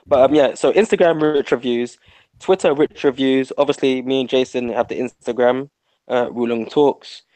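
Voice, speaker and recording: Excited, jokey podcast co-host. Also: male voice, mid-range voice, normal speed, no room sound, poor audio. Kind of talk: casual podcast chat.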